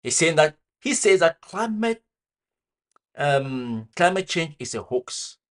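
A man commenting critically on public figures between clips, pausing to search for words. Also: fairly high pitch, very animated, a bit bright. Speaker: commentary host.

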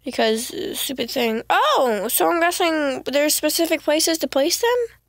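A woman streaming a video game, chatting to herself in a giggly way and breaking into excited squeals. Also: high voice, measured pace, gravelly, no room sound. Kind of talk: casual let's-play commentary.

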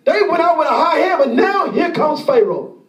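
A man preaching a sermon as pastor, impassioned and often shouting, acting out the pleas of the people he describes. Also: very high-pitched, very animated, normal speed, roomy sound, far from the mic.

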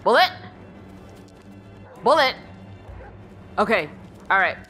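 Female let's-play host, bright tone, very animated delivery, jumpy and chatty while playing horror. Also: fairly high pitch, slow pace, soft background music. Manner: jumpy, yelps and shrieks, then drops to a hushed mutter; talks to her in-game dog.

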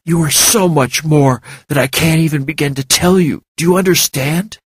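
Man reading as intense earnest young guy, insistent, raspy. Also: lowish voice, animated, normal speed, fairly bright tone, dry recording, full character voice. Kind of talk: audiobook character reading.

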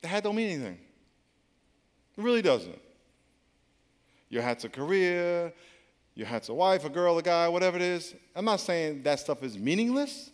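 A man's voice: medium pitch, animated, moderate pace. A man in his fifties preaching a sermon as a pastor, in a conversational storytelling way with humor. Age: 50s. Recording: long reverb of a large hall.

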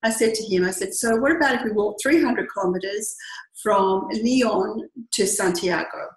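A middle-aged Australian woman tells a personal story in an earnest, reflective way, acting out what people said. Her voice sits at an ordinary pitch for a woman. The room around her is noticeably echoey. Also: moderate pace. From Western Australia. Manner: earnest, reflective, acts out quoted dialogue. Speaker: group tour leader.

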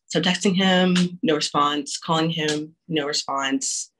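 A woman's voice: low voice, steady tone, unhurried, fairly bright tone, a little hiss or hum, poor audio. A young woman telling her own abortion story frankly and candidly, with frequent restarts and casual swearing.

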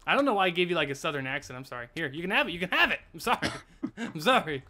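Excitable high-voiced young man gaming. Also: rapid-fire. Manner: excitable, laughs often, trails off mid-thought. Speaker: host. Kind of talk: casual gaming commentary.

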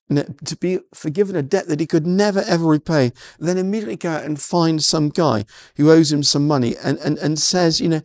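Gravelly man preaching a sermon. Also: on the high side, lively intonation, moderate pace, a little mellow, dry recording, clean studio sound. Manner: earnest, with frequent stammered restarts and "you know" fillers. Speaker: pastor.

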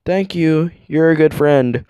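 A man voicing a frightened young girl in a high, squeaky falsetto for a comedic fan dub. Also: takes it slowly, dark tone, clean tone, no room sound, highs cut off. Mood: anxious.

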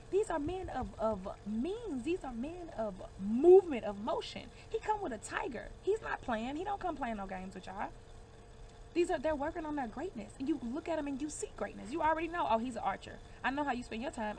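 High-pitched and a little mellow, her voice carries a bit of hiss or hum. This divination reader does a casual card reading to camera, reassuring and emphatic, addressing viewers as y'all and baby.

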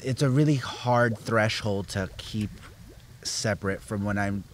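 A young man speaking as a guest on his father's podcast, reflective, with many fillers, and growing animated as he goes on. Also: fairly low pitch, unhurried, slight background noise. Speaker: podcast guest, host's son. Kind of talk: casual family podcast chat.

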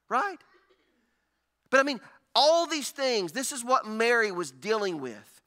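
A pastor preaches in a strikingly high, bright voice. He tells the story animatedly, slipping into the people he describes. His delivery is a lively, conversational sermon. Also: normal speed. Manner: animated storytelling, acting out characters.

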